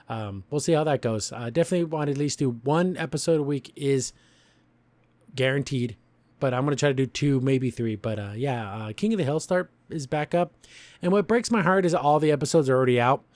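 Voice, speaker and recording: A man reviewing a cartoon on his podcast retells the episode casually, wandering a bit and often chuckling. His voice is medium in pitch and a little mellow, and the recording has no echo.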